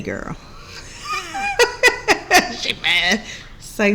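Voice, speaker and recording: A woman's voice: medium pitch, expressive, takes it slowly, vocal fry, pauses often, fairly bright tone, a little hiss or hum, low-quality recording. A woman giving a casual tarot reading, playful and chatty, laughing often and singing along to songs between her remarks. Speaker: tarot reader.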